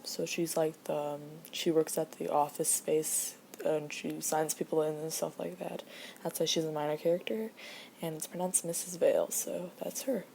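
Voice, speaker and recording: A woman's voice: sits low, vocal fry, dark tone, slight background noise. A woman casually explaining a casting call to voice actors, rambling with many fillers and often dropping to a near-whisper.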